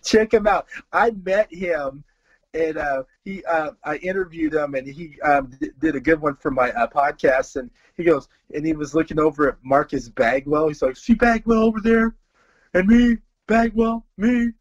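A man guesting on a chat show, talking excitedly, tripping over and repeating words, and laughing. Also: on the high side, normal speed, husky, no room sound, muffled recording. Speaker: podcast host, guest. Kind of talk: casual chat.

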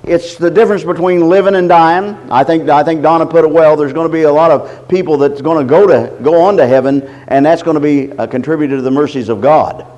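A middle-aged man preaching a sermon, reading scripture slowly and deliberately, often stopping to repeat his words. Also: fairly high pitch, darkish tone, muffled recording. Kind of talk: sermon teaching.

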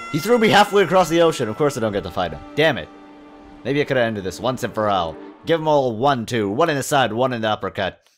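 A man giving excitable, jokey commentary while playing a video game, often yelping and exclaiming. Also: fairly low pitch. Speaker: let's play host. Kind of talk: gameplay commentary.

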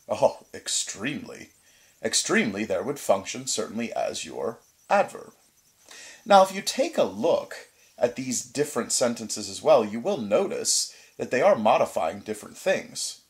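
A man teaching a recorded grammar lesson, patiently explaining step by step, asking questions and answering them, with frequent fillers like "certainly" and "uh". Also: medium pitch.

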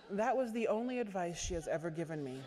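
A woman author giving a measured literary reading at a stage microphone in a large auditorium. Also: on the low side, lively intonation, dark tone. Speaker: author reading her fiction. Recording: echoey auditorium.

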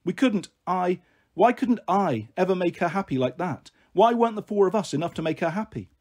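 A man narrating a children's novel in a gentle first-person storytelling manner. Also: high voice, lively intonation, brisk, husky. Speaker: story reader.

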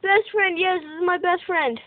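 High-pitched excitable woman gamer, tinny sound. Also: moderate pace, a little hiss or hum. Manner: excitable, exclaims and yelps at in-game surprises. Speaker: gamer recording gameplay commentary. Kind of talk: casual let's-play commentary. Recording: tinny phone-like dry recording.

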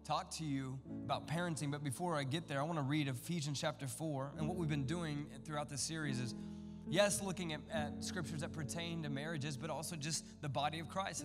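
A man preaching a sermon as pastor, with animated, humorous storytelling and prayer. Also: fairly high pitch. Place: church sanctuary. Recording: music and a long hall echo.

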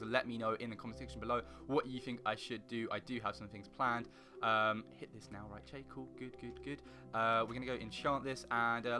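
A young man commenting on his own gameplay in a rambling, excitable way, breaking into panicky yelps. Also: mid-range voice. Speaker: gaming channel host. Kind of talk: casual let's play commentary.

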